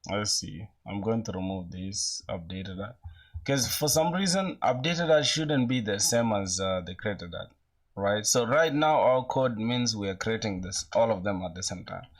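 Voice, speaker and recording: A young man in his twenties chatting casually with viewers while coding live, using relaxed slang and thinking aloud, with an occasional cough. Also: on the low side, normal speed. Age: young adult. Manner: laid-back slangy, greets chat, thinks aloud. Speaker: programming streamer.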